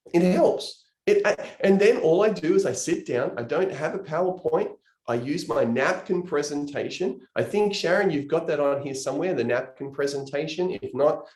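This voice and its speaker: A man's voice: mid-range voice, a little mellow, roomy sound. A man giving an earnest, emotional motivational talk on sales and recruiting, gesturing with his hands as he explains. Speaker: network marketing trainer.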